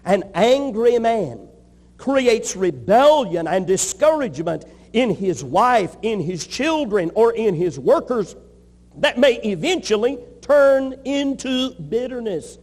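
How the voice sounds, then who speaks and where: A man's voice: high-pitched, expressive, takes it slowly, a little mellow, big-room sound. A man preaching a sermon as a pastor, with emphatic, rhythmic repetition.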